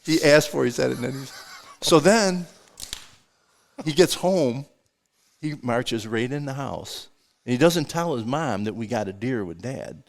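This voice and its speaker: An older man tells a story at an easy, chatty clip, laughing along as he acts out everyone's lines. He sounds like a relaxed host among old friends, his voice sitting in an ordinary middle register. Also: medium pitch, a little slow, creaky. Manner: chuckling, acts out voices in anecdotes. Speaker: podcast host. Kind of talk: casual storytelling chat.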